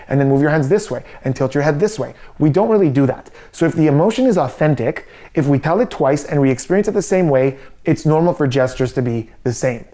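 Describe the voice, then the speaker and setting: Mellow-voiced man analyzing body language. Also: fairly high pitch. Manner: skeptical, methodical explaining. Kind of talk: analytical commentary.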